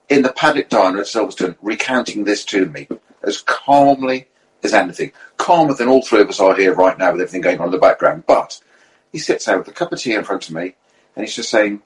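Husky-voiced man telling racing stories. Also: on the low side, brisk, poor audio. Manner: lively storyteller acting out quotes. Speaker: podcast panelist and racing driver. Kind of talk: anecdotal motorsport chat.

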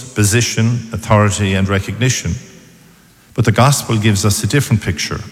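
A man, a priest, giving a measured, reflective sermon. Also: lowish voice. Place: church. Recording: long church reverb.

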